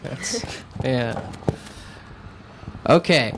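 A man's voice: mid-range voice, lively intonation, extremely slow, a bit bright, a little hiss or hum. Joking male radio host. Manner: offhand, joking questions. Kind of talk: casual radio interview. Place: radio studio.

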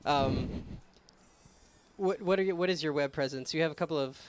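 A man's voice: fairly high pitch, moderate pace. A man hosting a casual radio interview, asking questions and joking playfully. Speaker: radio show host.

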